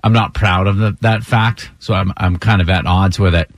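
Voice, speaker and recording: A man's voice: deep voice, moderate pace, no room sound. A man hosting a morning radio show in a studio, telling stories in casual banter and acting out the voices of people he quotes. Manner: animated storyteller, acts out quoted voices.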